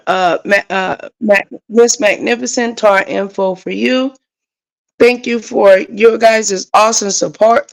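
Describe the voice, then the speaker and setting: A woman's voice: fairly high pitch, gravelly, poor audio. A woman hosting a casual livestream, talking straight to her viewers in a frustrated, rambling way. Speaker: livestream host.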